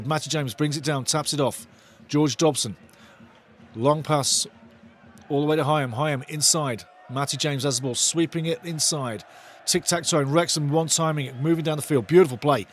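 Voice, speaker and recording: A man giving excitable, chatty live football commentary as host of a fan watch-along. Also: a little high, slight background noise.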